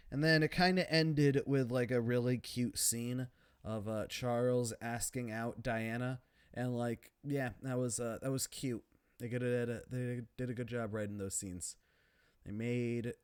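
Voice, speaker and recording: A man riffing casually and sardonically about a TV episode, stumbling through fillers. His voice sits at a middling pitch. The sound is dry and close, with no room echo. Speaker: video commentator. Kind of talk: casual commentary vlog.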